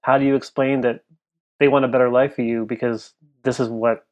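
A man's voice: medium pitch, little pitch movement, fairly quick. A man in his thirties on a podcast, telling a personal family story in a rambling, emotional way, full of "like". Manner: rambling, heavy use of "like", emotional. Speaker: podcast co-host. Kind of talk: casual storytelling chat.

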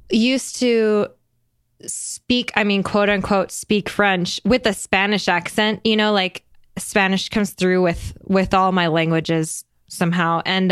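A woman's voice: medium pitch, no room sound. Chatty woman podcast host, dry sound. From United States. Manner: chatty, animated, laughs often, many fillers. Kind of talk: casual conversation.

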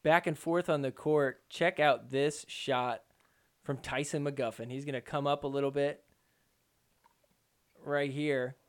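A man hosting a podcast, recapping match highlights in a joking, excitable commentary style. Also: unhurried, long pauses, clear, resonant tone. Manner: excitable, joking, mimics players in quotes.

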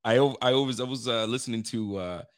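A man guesting on a podcast, chatting casually in quick, loose speech with lots of fillers. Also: mid-range voice, clean tone, no echo, studio quality. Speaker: guest co-host.

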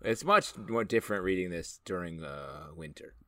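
A male co-host gives wry, dry takes in a casual comic chat. His voice sits low but sounds bright, and the recording is close and dry. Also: expressive, normal speed, no echo.

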